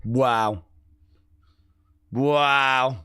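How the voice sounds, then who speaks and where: A man hosting a live watch-along stream, reacting excitedly and repeating himself, shouting out counts and big moves. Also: medium pitch, drawn-out words, clear, resonant tone, dry recording, studio quality.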